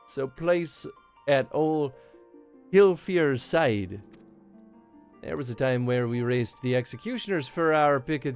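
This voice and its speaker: A man's voice: on the high side, a little mellow, voice pushed up. A man voicing a sly, proud seafaring pirate woman in a put-on Irish accent while reading game dialogue aloud. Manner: broad put-on brogue, folksy sailor's talk.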